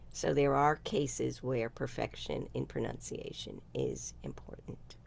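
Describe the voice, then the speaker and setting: A woman's voice: very deep voice, very animated, slow, creaky, a little mellow. An older woman telling a story in a casual chat, blunt and salty-tongued, laughing often. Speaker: guest speaker. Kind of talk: casual video-call chat.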